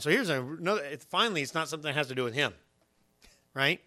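Male pastor, conversational sermon, bright tense voice, slightly high pitch, asks listeners questions. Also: lively intonation, quick pace.

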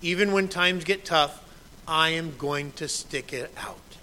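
A man's voice: a little high, unhurried, bright, forceful tone, slight background noise, rough recording. A man in his thirties, a pastor preaching a sermon in a conversational way, quoting scripture with emphasis.

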